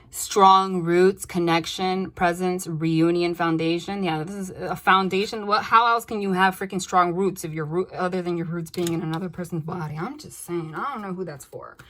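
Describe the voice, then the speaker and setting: A woman doing a casual tarot reading, blunt and animated, swearing freely and laughing between cards. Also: fairly low pitch, slight background noise. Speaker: tarot reader.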